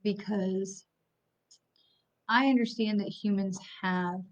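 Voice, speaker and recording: A woman's voice: mid-range voice, steady tone, takes it slowly. Angry, blunt woman on a dull livestream. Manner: angry, blunt, swears while apologizing. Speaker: psychic medium host. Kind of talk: livestream talk to viewers. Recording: slightly dull lo-fi stream audio.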